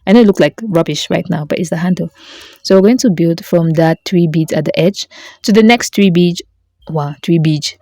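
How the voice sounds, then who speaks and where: A woman with a lowish, mellow voice leads a hands-on craft tutorial in a chatty, playful way. She talks straight to her viewers, jokes along the way and corrects herself as she goes. The sound is dry and close, with no room around it. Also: moderate pace, dry recording. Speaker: beading tutorial host.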